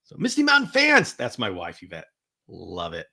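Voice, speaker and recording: Male host for a live teaching stream: upbeat, chatty, bright, forceful tone, stumbles and restarts often. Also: fairly low pitch, huge pitch swings, normal speed, vocal fry. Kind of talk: live-streamed educational talk.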